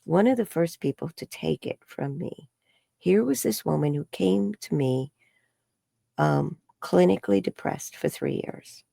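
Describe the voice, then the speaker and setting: A woman, an energy healer and psychic, telling a story in an interview and acting out the quoted dialogue in a higher voice. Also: lively intonation, measured pace, vocal fry, dry recording, studio quality. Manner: acts out quoted dialogue with high bright voices.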